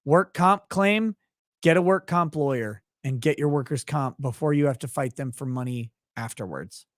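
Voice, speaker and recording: A man's voice: mid-range voice, expressive, normal speed, no echo. Guy rambling on his stream, swears a lot, dry close sound. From Minnesota, USA. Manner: profane, rambling, laughs often. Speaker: livestream host reading chat. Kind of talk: casual livestream chat.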